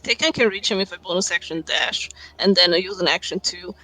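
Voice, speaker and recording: A high, bright man's voice at a casual tabletop game. He is eager, declares his moves with gusto, and laughs along with the table. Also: fairly quick, low-quality recording. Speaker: player.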